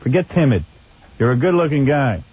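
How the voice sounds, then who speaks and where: A brash male radio host with a husky, rough voice that rattles through questions at speed. His pitch leaps around as he mocks and lectures, and the sound comes over a tinny radio broadcast. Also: big pitch swings. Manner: blunt, mocking, rapid-fire questions. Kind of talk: brash talk radio banter.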